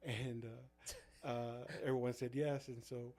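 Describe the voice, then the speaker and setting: A man chats casually as a youth pastor, telling van stories from ministry trips. His delivery rambles, packed with fillers and false starts, in a mid-pitched everyday voice. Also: little pitch movement, slow pace, warm tone. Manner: rambling, full of fillers and restarts. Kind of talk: casual storytelling chat.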